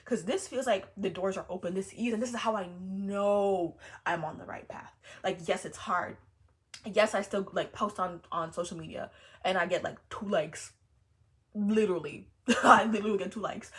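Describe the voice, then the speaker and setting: A young woman talking in a casual vlog as a spiritual content creator, animated and repetitive, with swearing and laughing asides. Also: mid-range voice. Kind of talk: casual personal vlog monologue.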